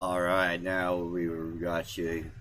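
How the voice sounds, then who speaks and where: A man's voice: sits low, completely flat delivery, slow, fairly bright tone, a little hiss or hum. Rambling man hosting a livestream. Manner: rambling, repeats himself, trails off. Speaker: livestream host. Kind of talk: casual livestream chat.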